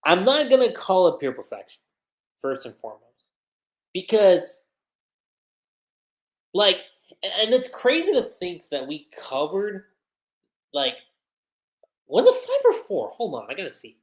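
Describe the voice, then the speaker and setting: A woman's voice: medium pitch, wildly swooping pitch, a little slow, pauses often. A woman giving a casual, slangy livestream review that recaps an anime episode, with plenty of "like"s. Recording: roomy echo.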